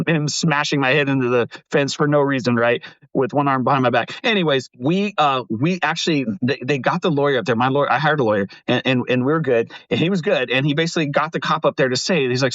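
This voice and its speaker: A middle-aged man casually telling stories in a lively way, swearing and laughing often. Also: on the high side, no echo, lo-fi sound. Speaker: guest. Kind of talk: casual storytelling.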